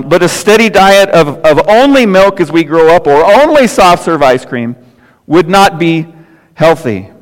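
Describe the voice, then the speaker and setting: An older man preaching a sermon as pastor, telling folksy stories and jokes with casual asides. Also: high-pitched. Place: church sanctuary. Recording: long hall reverb.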